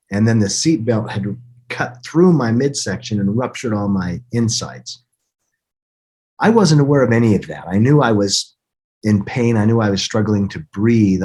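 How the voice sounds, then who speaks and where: Fairly low in pitch and darkish in tone, a husky middle-aged man earnestly relates his own story as a podcast guest. He halts and restarts many times.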